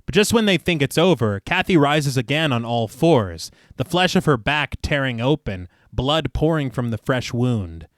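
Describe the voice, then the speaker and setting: Lively man reading a film recap. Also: medium pitch, normal speed, few pauses, no room sound, studio quality. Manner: laughs often, reads the synopsis then jokes. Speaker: podcast co-host reading the plot recap. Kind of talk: casual horror film discussion with scripted recap.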